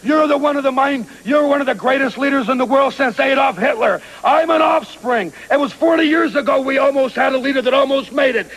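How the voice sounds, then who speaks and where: A man cutting a shouted, menacing wrestling promo, ranting and boasting. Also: very high voice, fairly quick, creaky, few pauses, low-quality recording. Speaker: pro wrestler.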